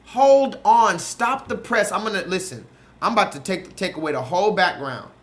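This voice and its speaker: A man with a high-pitched voice hosts a livestream. He rants with animated energy, riffs on his topic and breaks off to talk to viewers in the chat. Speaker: livestream host. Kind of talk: livestream rant.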